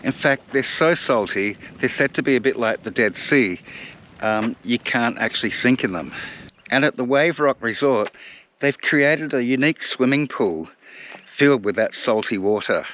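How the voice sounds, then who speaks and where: A man's voice: medium pitch, animated, moderate pace. A man talking to the camera on his travels, chatty and poking fun at himself. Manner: chatty, self-mocking, talks to the camera. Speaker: travel vlogger. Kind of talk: casual travel vlog narration. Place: outdoors on location. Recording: outdoor recording with loud background noise.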